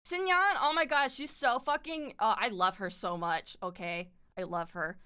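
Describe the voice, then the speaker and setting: A woman streamer chatting casually, laughing often and swearing freely. Her voice is bright and forceful with a crisp, smooth clarity, picked up on a compressed streaming mic. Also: a little high, steady tone, moderate pace. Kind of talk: casual chat.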